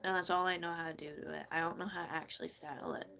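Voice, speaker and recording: Rambling Southern woman with vocal fry. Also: flat delivery, racing, noisy background. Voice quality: naturally high voice. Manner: rambling, swears freely. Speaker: livestreamer. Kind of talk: casual livestream chat.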